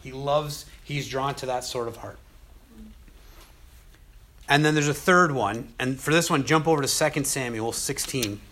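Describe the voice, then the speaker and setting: A man teaching a casual Bible study, retelling scripture with conversational, animated storytelling. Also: medium pitch, measured pace, pauses often, a little hiss or hum.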